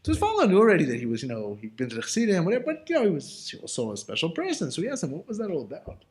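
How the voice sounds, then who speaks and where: Racing along with a darkish tone and huge swings in his fairly high pitch, a man gives an informal Torah lesson. He keeps it loose and chatty, full of casual fillers, and often questions himself rhetorically.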